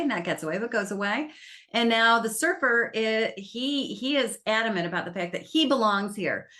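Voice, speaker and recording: A woman film critic, chatting casually and retelling a movie plot in an animated way. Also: fairly high pitch, moderate pace. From United States. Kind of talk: casual film review chat.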